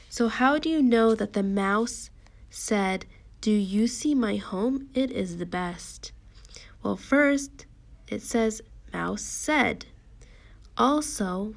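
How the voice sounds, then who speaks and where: A woman's voice: mid-range voice, creaky. A woman teacher reading a picture book with a young child, patiently explaining each step.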